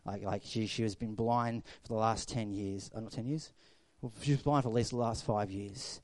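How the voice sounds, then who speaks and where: A man, a pastor preaching a sermon, swinging between loud storytelling and hushed reflection. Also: fairly low pitch, fairly even intonation, moderate pace, few pauses, dry recording.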